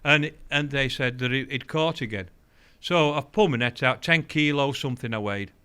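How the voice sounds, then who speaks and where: An older man, a guest telling fishing stories in an animated way, acting out the voices of the people he quotes. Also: mid-range voice, normal speed, smooth. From England. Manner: animated, acts out quoted voices, laughs often. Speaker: guest, angling champion. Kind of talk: anecdotal storytelling.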